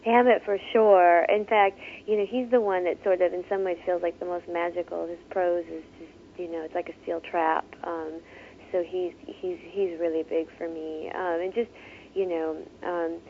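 A woman's voice: lowish voice, little pitch movement, normal speed, a little hiss or hum. A woman author talking casually as an interview guest, chatty, with many fillers and frequent laughs. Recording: tinny phone line.

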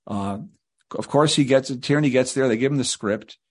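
A man's voice: mid-range voice, normal speed. A man with a mid-range voice, spinning rambling anecdotes as a guest author. He talks in long, meandering stretches and often acts out what other people said. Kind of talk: anecdotal storytelling in an interview.

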